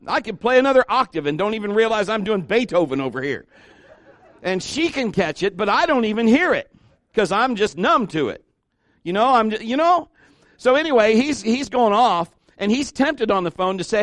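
A male pastor preaching a conversational sermon, asking the congregation questions and jumping into high excited voices when he acts out quotes. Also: moderate pace, dry recording, studio quality. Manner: animated, swings into high-pitched voices when acting out quotes.

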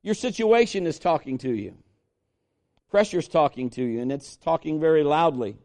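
A man's voice: fairly high pitch, animated, normal speed, a little mellow. A man preaching a sermon, emphatic, calling on the congregation to respond. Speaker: pastor.

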